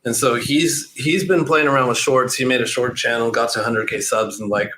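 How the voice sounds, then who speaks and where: A man chatting casually as an interview guest, relaxed and rambling with lots of "like" fillers. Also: mid-range voice, moderate pace. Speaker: guest, SEO entrepreneur. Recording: roomy echo with faint noise.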